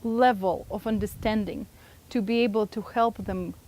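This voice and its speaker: A woman's voice: mid-range voice, fairly even intonation, normal speed, darkish tone. A woman presenting a communication workshop, engaging the audience with frequent questions. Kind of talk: live seminar talk to an audience.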